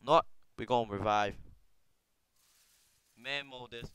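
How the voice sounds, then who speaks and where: A man's voice: mid-range voice, normal speed, fairly bright tone, slight background noise, low-quality recording. Frustrated gamer man cursing at the game. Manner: frustrated, cursing, talks to himself. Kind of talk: let's play commentary.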